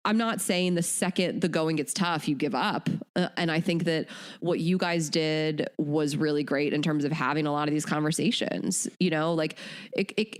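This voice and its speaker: A woman in her thirties co-hosting a podcast, talking casually with lots of fillers and restarts. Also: fairly low pitch. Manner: chatty, many fillers and restarts. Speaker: podcast co-host. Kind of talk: casual chat.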